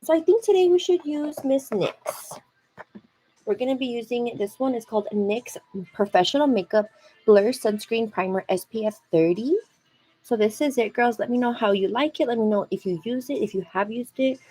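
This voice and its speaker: A young woman with a husky, fairly high voice hosts a casual makeup livestream from home at a normal speed. Chatty and full of "like," she calls her viewers "girl," while soft music plays beneath her on a rough recording.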